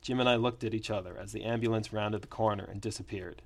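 A man narrating a first-person story in a plain, steady reading voice. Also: lowish voice, fast talker, vocal fry.

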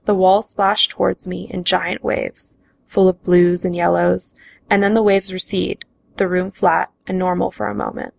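A woman reading her own memoir aloud in the first person, slow and even. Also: fairly low pitch, gravelly, dry recording, low-quality recording.

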